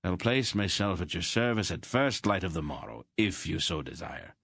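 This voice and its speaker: A man's voice: deep voice, big pitch swings, moderate pace, gravelly, a bit bright, slightly rough, no echo, exaggerated voice. A man voicing a stubborn, pious farmer who speaks with formal, old-fashioned courtesy in an audiobook. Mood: firm.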